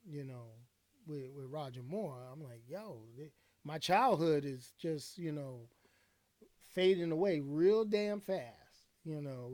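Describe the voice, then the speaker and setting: A man's voice: fairly high pitch, a little mellow. A man in his thirties hosting a casual livestream talk show alone, rambling in slangy speech with plenty of filler phrases.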